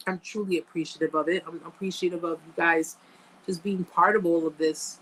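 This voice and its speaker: A woman's voice: lowish voice, fairly even intonation, brisk, fairly bright tone, slight background noise, poor audio. Emphatic woman hosting a live chat. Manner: emphatic, repeats phrases for effect; reads out and thanks chat viewers by name. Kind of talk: casual livestream talk to viewers.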